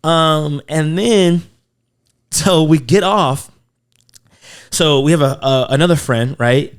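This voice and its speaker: A man's voice: fairly high pitch, slow, clear, resonant tone. A man co-hosting a comedy podcast, telling a rowdy story in a casual way, acting out his friends' lines and swearing often. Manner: animated, acts out quotes, frequent swearing. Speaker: podcast co-host.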